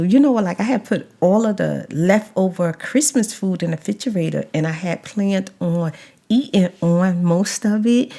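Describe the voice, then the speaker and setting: A woman vlogger and mother, telling a story in a casual, animated way and stretching words for emphasis. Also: lowish voice, creaky. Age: adult, mother of a child. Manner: animated retelling, drawn-out emphasis.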